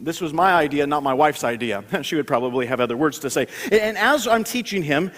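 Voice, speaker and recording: Preacher, male, thirties, storytelling sermon with stammering restarts, bright high voice, echoing hall. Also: expressive, fairly quick.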